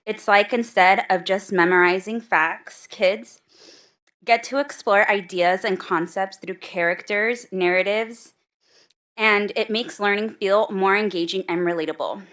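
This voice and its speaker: A woman's voice: medium pitch, fairly even intonation, measured pace, fairly bright tone. Earnest mother near tears. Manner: emotional, close to tears, earnest. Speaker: parent giving public comment. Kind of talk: prepared public comment. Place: school board meeting room.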